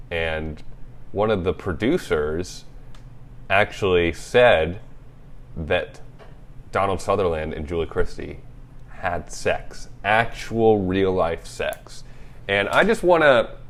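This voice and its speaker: A young man co-hosting a casual movie podcast, animated and jokey, laughing often. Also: deep voice, slow. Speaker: podcast co-host.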